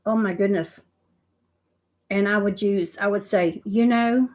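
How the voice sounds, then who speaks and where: A woman's voice: mid-range voice, steady tone, measured pace, a little mellow, low-quality recording. An older woman chatting casually on a phone livestream, talking with lots of "you know" fillers and repeating herself. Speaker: livestream host.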